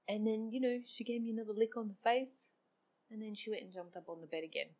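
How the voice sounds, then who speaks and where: A woman's voice: on the high side, steady tone, fast talker, muffled recording. Emotional middle-aged woman. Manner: emotional, open-hearted, laughs often. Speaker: vlogger. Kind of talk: personal reflective monologue.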